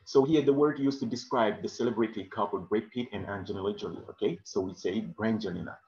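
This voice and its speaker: In a dull, lo-fi recording from an echoey room, a man teaches English vocabulary in class. His voice is on the low side with a darkish tone, and he explains slowly, frequently pausing to ask "okay?"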